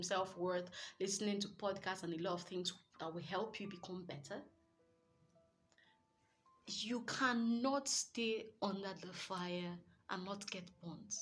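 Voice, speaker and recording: A young adult woman with a Nigerian accent giving earnest, lively relationship advice as a coach, with Pidgin asides. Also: medium pitch. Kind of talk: motivational advice talk.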